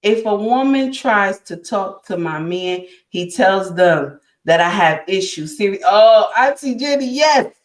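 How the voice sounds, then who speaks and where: A woman's voice: medium pitch, lively intonation, a little slow, few pauses, echoey room. A woman hosting a casual relationship talk to her live chat, emphatic and repetitive, calling listeners honey and my dear. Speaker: livestream host.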